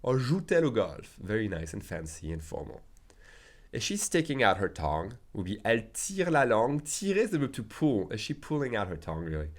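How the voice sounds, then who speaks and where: A man with a French accent, a native French speaker teaching a casual language lesson, who says his example sentences slowly and keeps checking in with "okay?". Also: lowish voice, very animated. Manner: slow deliberate pronunciation of French examples, frequent "okay?" check-ins.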